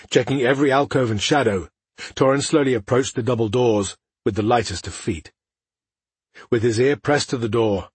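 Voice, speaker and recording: A man with a husky voice reading a fantasy audiobook in steady, measured narration. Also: mid-range voice, no echo.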